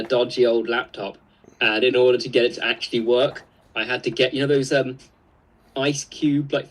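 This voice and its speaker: The audio is poor as a man with a mid-range voice, co-hosting a live stream, casually reads out viewer comments while chuckling.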